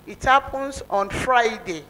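A woman gives an earnest spoken testimony in church, telling her story with emotion and many repeats. Her voice is on the high side, slow and a bit bright, in a rough recording.

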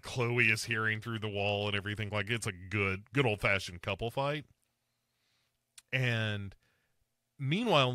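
Recorded dry and clean in a studio, this man's lowish, sharp-toned voice carries a podcast recap of a movie, scene after scene. He keeps it chatty and slips into mocking impressions of the characters.

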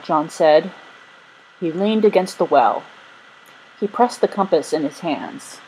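A woman narrating a children's storybook in a gentle, steady reading voice. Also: sits low, measured pace, breathy edge, low-quality recording. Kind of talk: storybook read-aloud.

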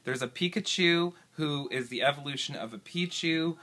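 A man with a high, bright, sharp-edged voice rambles through a quiz on a home video. He sounds flustered and exasperated and swears freely. He is picked up by a camera his partner is holding. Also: normal speed. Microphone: camera held by partner.

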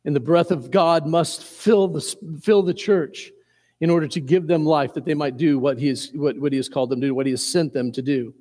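Male pastor from Indiana, higher voice, earnest sermon delivery with frequent restarts, recorded in a long-reverb church hall. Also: a little fast, darkish tone. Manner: earnest, repeats words and restarts often, chuckles at himself. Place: church sanctuary.

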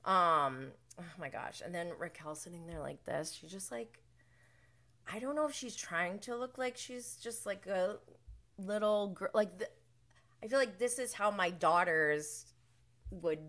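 A woman hosts a podcast recapping a reality show, rambling and chatty, laughing often and mimicking the people she discusses. Her voice is on the low side and a bit bright.

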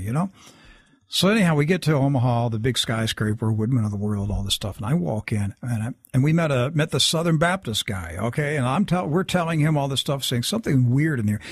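A man's voice: mid-range voice, slightly rough, no echo, studio quality. A man telling a long personal story in casual talk, acting out the people he quotes. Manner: animated, acts out quoted dialogue. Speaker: guest storyteller.

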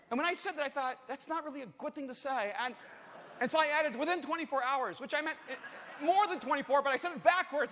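A man preaching at a conference, telling a personal story with humor and swinging from loud bursts to hushed, intense passages. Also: extremely high pitch, a little hiss or hum. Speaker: conference speaker. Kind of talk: storytelling sermon. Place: church auditorium. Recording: large hall with long reverb, faint ambience.

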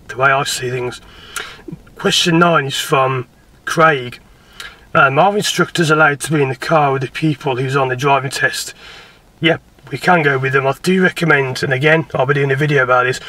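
English guy chatting through viewer questions, bright tone, bit far from the mic, laughs at himself a lot. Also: medium pitch, no room sound. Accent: English, between posh southern and Birmingham. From England. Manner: rambling, chatty, self-deprecating, laughs often. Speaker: driving instructor. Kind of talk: casual Q&A to camera.

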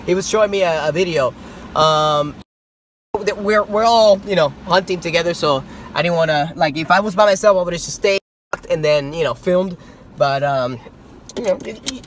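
A man talks through a casual vlog with an excitable, rambling delivery full of ums and restarts. His voice sits a touch high for a man. Faint outdoor noise hums behind him. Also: moderate pace. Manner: excitable, rambling with many fillers. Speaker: vlogger. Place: outdoors and in a car around shops.

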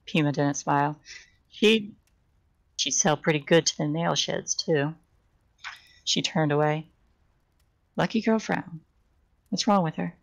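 On a live stream, a woman with a low voice casually reads a novel aloud, taking her time with long pauses. She gives the characters' dialogue small vocal shifts and sometimes stumbles and starts over, on a low-quality recording.

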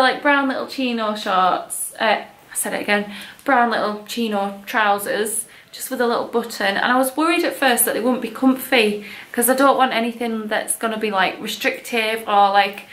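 In a roomy-sounding recording, a young woman with a slightly high, somewhat bright voice gushes about her baby clothes purchases. It's a casual vlog haul, chatty and full of likes and ums.

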